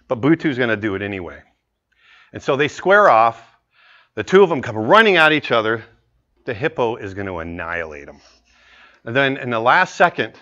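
A man in his forties pitches an animated story to an audience with an earnest, lively storytelling manner. His voice sits at a middle pitch. The recording is muffled and a little dull. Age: 40s.

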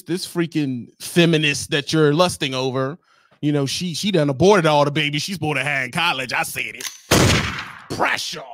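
A man's voice: a little high, a bit bright, no room sound, studio quality. A man, ranting on his livestream in a brash, teasing way and breaking into laughs. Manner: brash, teasing, laughs often, apologizes mockingly. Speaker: livestream host. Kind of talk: casual livestream rant.

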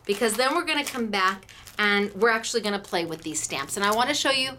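A woman's voice: medium pitch, lively intonation, quick pace, sharp tone, slight background noise. A middle-aged woman hosting a casual craft demo, chatty and gushing, laughing often. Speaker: craft show host.

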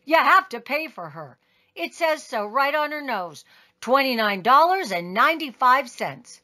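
A woman voicing a blunt, insistent store cashier in a storybook, with a bright, lively voice. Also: sits high, unhurried, exaggerated voice. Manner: matter-of-fact, insistent.

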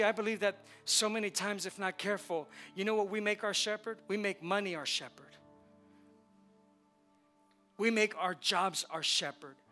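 In a church sanctuary, a male pastor with a high-sitting, pushed and bright voice preaches a sermon, leading the congregation in call-and-response with emphatic repetition.

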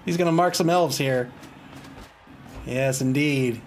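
A man's voice: mid-range voice, takes it slowly, a little hiss or hum. A man doing casual play-by-play commentary on a match. He laughs often, is wry and self-amused, and groans in mock despair at the plays.

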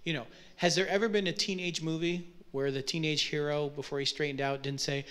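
Guy preaching, high voice, chatty bible teaching with lots of "right?". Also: steady tone, fairly quick, few pauses, a bit bright. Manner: conversational Bible teaching with rhetorical questions. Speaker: pastor. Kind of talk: sermon.

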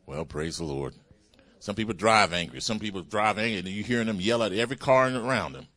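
A man preaching a sermon as pastor, calling out hallelujah and praise the Lord as his pitch swings up and down. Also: a little fast, pushed and bright. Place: church sanctuary.

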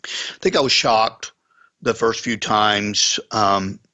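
A man's voice: on the low side, slow pace, pushed and bright, lo-fi sound. A man, a pastor, earnestly telling a story in a conversation, with folksy sayings. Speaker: pastor and guest.

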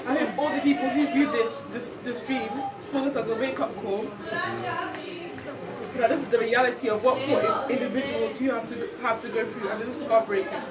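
A woman's voice: fairly high pitch, fairly even intonation, a little fast. A fourteen-year-old girl earnestly reading a prepared speech at an event, stumbling over a few words. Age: teens. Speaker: speech giver. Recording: echoey event hall, far from mic, loud crowd.

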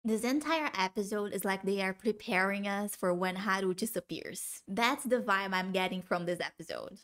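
A woman's voice: mid-range voice, normal speed, fairly bright tone. A woman reacting to a TV drama, emotional and gushing, cursing freely in casual commentary.

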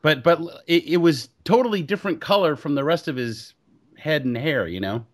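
A man on a casual movie podcast with a fairly high voice. He tells rambling, profane stories and acts out what others said. His delivery stays loose and conversational. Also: moderate pace. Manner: profane, animated storytelling with quoted voices. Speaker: podcast co-host.

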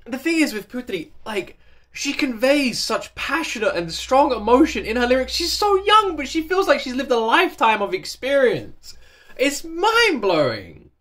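British male reaction host, effusive, gushing, quick to laugh. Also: very high-pitched, sing-song, fairly bright tone. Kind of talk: reaction commentary. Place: seated indoors in his recording chair.

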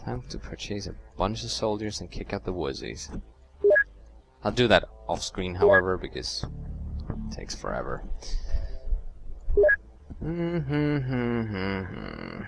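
A man's voice: wildly swooping pitch, takes it slowly, gravelly, long pauses, a bit bright, soft background music. A man commentating as he plays a strategy game, sarcastic and talking to himself. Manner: sarcastic, talks to himself, wild swings in pitch. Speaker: let's play host. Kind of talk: casual gameplay commentary.

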